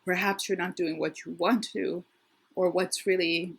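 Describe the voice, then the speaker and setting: Husky-voiced woman giving a chatty tarot reading. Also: on the low side, steady tone, unhurried. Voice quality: husky, worn voice. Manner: chatty, thinks aloud, frequent restarts. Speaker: tarot reader. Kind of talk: casual tarot reading to camera.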